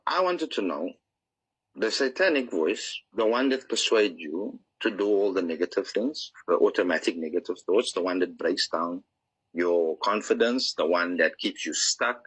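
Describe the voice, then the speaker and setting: A man's voice: deep voice, fairly bright tone, husky, low-quality recording. A man being interviewed as an author, explaining his ideas in an earnest, teaching manner and acting out examples. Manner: earnest, explanatory, acts out inner voices. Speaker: author guest.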